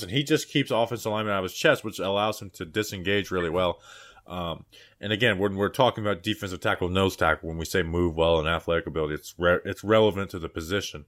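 A man co-hosting a sports podcast, talking in a relaxed, plain-spoken way with dry teasing. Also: fairly low pitch. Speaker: co-host of a football draft podcast. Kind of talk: casual sports analysis chat.

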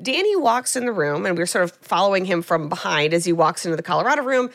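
A young woman co-hosting a podcast, recapping a film in casual chat and acting out quotes with animated storytelling. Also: on the low side, quick pace. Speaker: podcast co-host.

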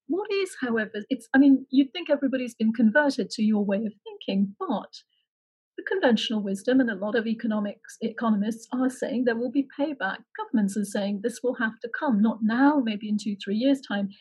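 A woman hosting an interview, framing long, measured questions for her guest. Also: fairly high pitch, darkish tone, husky, rough recording. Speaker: interview host.

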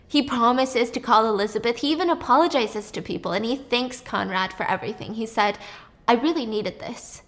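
A woman with a slightly high voice recapping a film's plot casually. She tells it in an animated, chatty way, dropping swear words along the way. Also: brisk. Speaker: storyteller.

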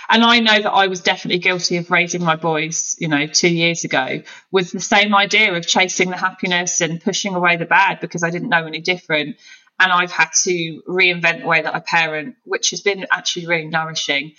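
A woman speaks as a podcast guest, earnest and candid as she talks through her own experience. Her voice has a bright, forward edge. The audio is muffled and lo-fi, as from a remote call. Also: fairly low pitch, fairly even intonation, a little fast. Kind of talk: candid conversational storytelling.

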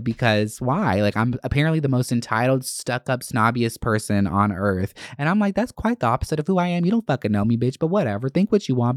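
A man hosts his own podcast and tells a story in a dramatic, foul-mouthed way. He throws his voice sharply upward for emphasis, in a middle-pitched register. The sound is dry and close. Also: dry recording. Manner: animated, profane, dramatic storytelling. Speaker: podcast host. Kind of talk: casual solo monologue.

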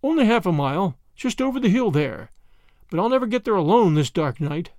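A man's voice: high-pitched, sing-song, a little fast, a little mellow, no echo, studio quality. A man voicing a kindly, stubborn old grandmother who speaks earnestly and plaintively.

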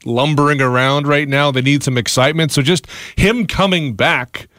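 A man's voice: on the high side, normal speed, fairly bright tone, dry recording, clean studio sound. A man co-hosting a radio show, talking with many uhs and stammered restarts. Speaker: radio co-host. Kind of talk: morning radio banter.

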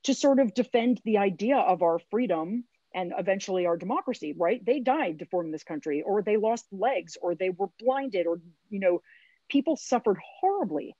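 A woman's voice: mid-range voice, expressive, moderate pace, dark tone, no room sound. A middle-aged woman, a community organizer, talking earnestly and encouragingly as she gives phone bank training over a video call. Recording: slightly dull lo-fi sound.

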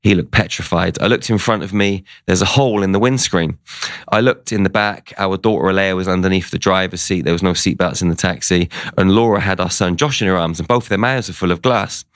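A man's voice: sits low, brisk, no room sound. A man, a guest in an interview, telling a story in a casual way and quoting what people said. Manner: conversational, retells events with quoted dialogue.

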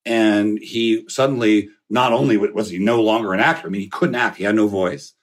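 Animated storytelling man, middle-aged. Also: fairly low pitch, fairly quick. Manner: animated storyteller, acts out quoted voices. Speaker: guest, son of an actor. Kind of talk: casual podcast storytelling.

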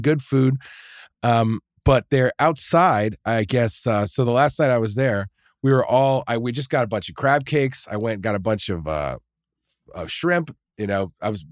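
A man's voice: medium pitch, dry recording, clean studio sound. A man casually telling a long, profane story, full of fillers and restarts. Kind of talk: casual chat.

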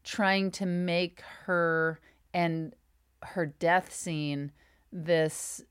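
A woman co-hosting a podcast, chatting casually with wry, deadpan quips. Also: lowish voice, drawn-out words, smooth. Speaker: podcast co-host. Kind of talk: casual chat.

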